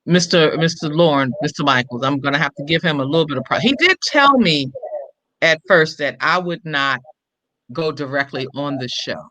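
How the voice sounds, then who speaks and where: An older woman, a comedian and impressionist, telling a story in an interview and acting out every quoted line with lively shifts in voice. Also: low-pitched, moderate pace, no room sound, poor audio.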